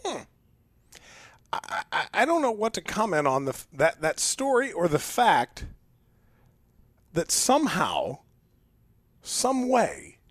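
A man's voice: high voice, huge pitch swings, slow, pauses often, a bit bright, no echo. A man hosting a radio show, teasing his co-host in offhand, mock-indifferent banter at a studio mic.

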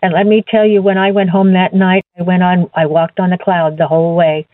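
A woman recounts her faith testimony as a guest, speaking earnestly and halting to repeat words. Her voice comes through a thin, phone-like line. The sound is close and dry. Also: fairly low pitch, level tone, no echo.

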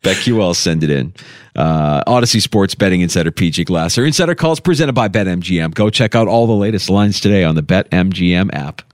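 A man co-hosting a sports talk show, chatting in an animated, jokey way. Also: deep voice, brisk, dry recording, studio quality. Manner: animated, jokey, does goofy voices. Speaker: sports radio co-host.

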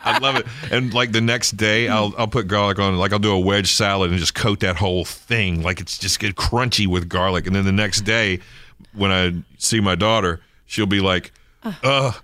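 A man's voice: fairly low pitch, steady tone, moderate pace, bright, forceful tone, no room sound. A middle-aged man co-hosting a casual radio chat, joking and laughing easily. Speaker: radio show co-host.

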